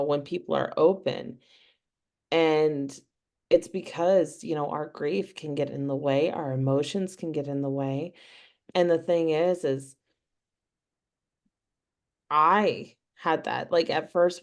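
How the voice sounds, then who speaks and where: Low-voiced woman, rambling chat. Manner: rambling storytelling with many fillers. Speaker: guest. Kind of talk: casual chat. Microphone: video call.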